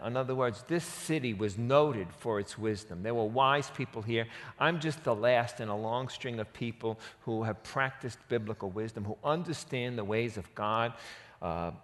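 A man with a New York accent teaching a Bible passage, lively and acting out the quotes in casual slang. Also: mid-range voice, long reverb tail.

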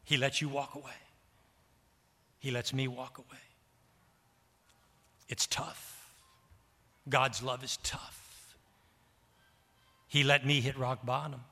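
A man preaching a sermon in a church, animated and voicing the characters' words, repeating phrases for emphasis. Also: medium pitch, takes it slowly, long pauses. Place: church sanctuary. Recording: long reverb of a large hall.

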